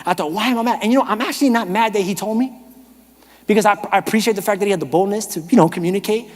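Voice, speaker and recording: Animated high-voiced pastor preaching. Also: male voice, racing. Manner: animated, humorous storytelling, shifts from shouting to whispering. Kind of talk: sermon. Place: church auditorium. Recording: reverberant church hall.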